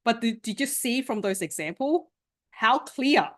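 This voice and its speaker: Woman workshop coach, very expressive pitch, chatty, keeps asking "right?", over a video call. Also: a little slow. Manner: animated, conversational, often asks "right?" and laughs. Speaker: sales and communication coach. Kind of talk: interactive online workshop teaching.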